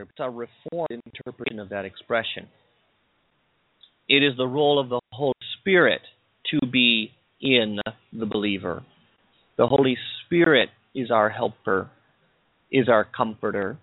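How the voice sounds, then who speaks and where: A man with a mid-range voice preaches a sermon, explaining scripture and asking his listeners rhetorical questions. The recording is dry and tinny, like a phone.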